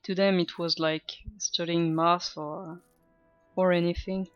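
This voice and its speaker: A woman streams a game and chats in a slow, hesitant, self-mocking way, with plenty of laughs. Her voice is slightly low and recorded dry and close. The sound is dull and lo-fi, with faint game music underneath. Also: level tone, no room sound. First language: French. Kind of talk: casual gameplay chat.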